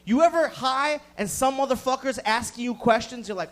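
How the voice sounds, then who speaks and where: Stand-up comic, male, high-pitched, swears freely, chats up the front row. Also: fairly quick, hardly any pauses, fairly bright tone. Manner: profane, riffing with the audience, acting out voices. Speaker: stand-up comedian. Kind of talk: stand-up set with crowd work. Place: comedy club stage.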